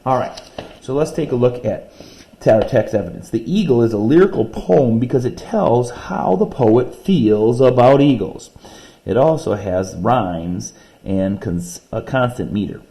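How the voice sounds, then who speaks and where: A man's voice: mid-range voice, animated, warm tone. A man teaching a reading lesson, patiently explaining poems step by step and counting out syllables. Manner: reads poems slowly and deliberately. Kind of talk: recorded classroom reading lesson.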